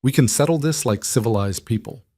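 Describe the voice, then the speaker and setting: A man reading a smooth menacing mobster. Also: medium pitch, fairly quick, mellow, no echo, clean studio sound, natural voice. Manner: menacing, falsely friendly. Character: cold threatening mobster man. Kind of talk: audiobook character reading.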